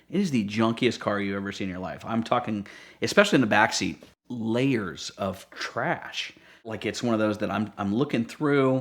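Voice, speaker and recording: Wry man telling police stories. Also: mid-range voice. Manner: animated, wry storyteller who acts out dialogue. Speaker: police K9 handler. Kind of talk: casual anecdotal storytelling.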